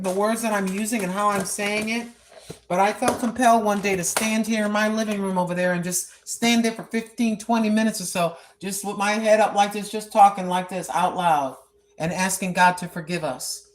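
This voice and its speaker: A woman in her sixties from the United States walks outside as she vlogs, her mid-range voice steady and moderately paced. Earnest and repetitive like a preacher, she shares spoken prayer and testimony about prayer.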